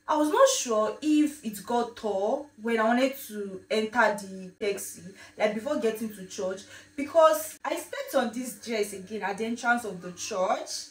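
A young woman vlogging casually from her home kitchen into a phone, telling a story in an animated, repetitive way. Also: a little high. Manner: chatty, animated storytelling, repeats herself. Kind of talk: casual vlog chat. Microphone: phone camera. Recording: echoey room, mic at a distance.

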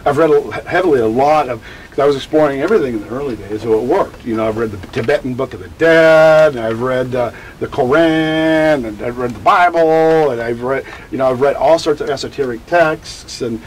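Older male interviewee, candid and halting, repeats himself as he recalls things. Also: mid-range voice, a little hiss or hum, poor audio. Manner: halting, repeats words and restarts often. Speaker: grief educator, interviewee. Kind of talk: candid personal storytelling in an interview.

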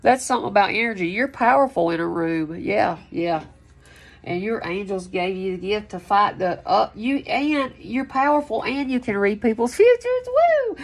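A woman's voice: mid-range voice, animated, normal speed. A woman giving a casual, loose spoken tarot reading, chatty, breaking into whoops and laughs. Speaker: tarot reader.

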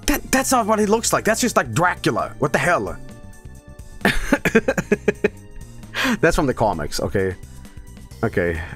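Lively, profane male streamer. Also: fairly high pitch, slow, long pauses, faint music behind. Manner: profane, joking, often laughing. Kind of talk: casual live-stream commentary.

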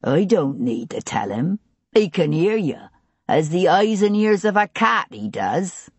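A woman's voice: fairly low pitch, big pitch swings, a little slow, breathy edge, dry recording, exaggerated voice. A woman voicing a surly scarred West Country tavern man. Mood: menacing. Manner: surly, taunting, clipped dialect. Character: gruff stocky scarred male tavern keeper, ex-soldier.

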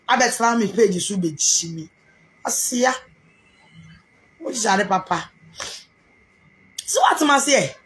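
A Ghanaian businesswoman speaking with a Ghanaian accent in a heated, animated rant to camera, repeating herself for emphasis. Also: on the high side. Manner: animated, repetitive, mixes Twi and English.

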